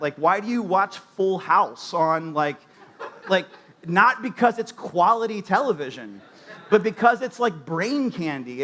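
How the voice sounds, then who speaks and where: Chatty preacher man, higher voice. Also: a bit bright. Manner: conversational, many fillers and restarts. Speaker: pastor. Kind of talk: sermon. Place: church.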